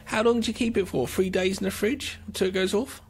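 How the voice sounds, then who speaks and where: Playful high-voiced man, husky. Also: steady tone, fast talker. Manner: playful, jumps between voices, jokey asides. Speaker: podcast co-host. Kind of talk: casual chat.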